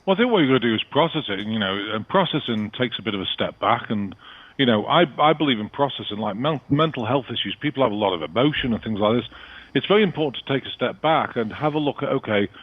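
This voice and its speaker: A man's voice: mid-range voice, expressive, fast talker, slightly rough, no echo, muffled recording. A man with a British accent from England, a guest healer talking casually and rambling in an interview. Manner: rambling, peppered with "you know".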